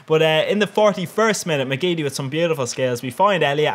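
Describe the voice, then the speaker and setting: A man's voice: a little high, fairly quick, few pauses, fairly bright tone. A young man giving a cheeky, rambling voice-over commentary on his own football video game matches, laughing often. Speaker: gaming channel host.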